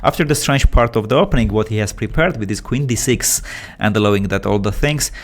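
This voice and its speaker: A man with phrasing giving excitable, animated live commentary on a chess game. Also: fairly low pitch, fairly quick. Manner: animated, excitable, with non-native English phrasing.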